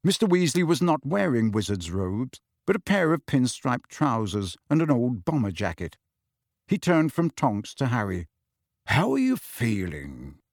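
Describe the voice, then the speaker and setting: A man narrating an audiobook in an expressive, lively reading. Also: mid-range voice, moderate pace, dry recording, studio quality.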